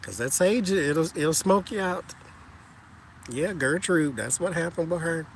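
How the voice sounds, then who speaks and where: A man casually chatting with his viewers while walking outside, animated and joking, talking to them as "y'all". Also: a little high, measured pace, gravelly, slight background noise. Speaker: tarot reader chatting with live viewers.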